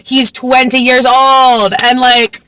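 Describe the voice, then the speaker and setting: A woman in her twenties casually recapping a book, talking fast with lots of fillers and sarcastic asides. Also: sits high, flat delivery, a bit bright, dry recording. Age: 20s. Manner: chatty, filler-heavy, sarcastic asides, laughs often. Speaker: book vlogger.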